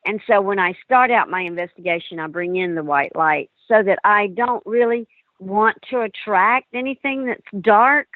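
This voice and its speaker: Animated woman storyteller on a phone line. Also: lowish voice, dry recording. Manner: animated storyteller acting out quotes. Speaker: paranormal investigator guest. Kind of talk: storytelling in a call-in interview. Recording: tinny dry phone line.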